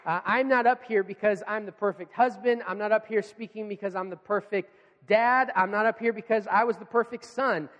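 A man's voice: sits high, steady tone, a little fast, fairly bright tone, long reverb tail, lo-fi sound. A man in his thirties, a pastor telling a family story in a sermon, acting out his children's voices.

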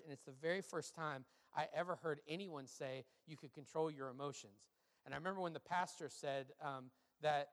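A man, a pastor, answering questions in a sermon, talking conversationally and telling stories with an animated delivery and frequent fillers. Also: fairly high pitch, in a large hall.

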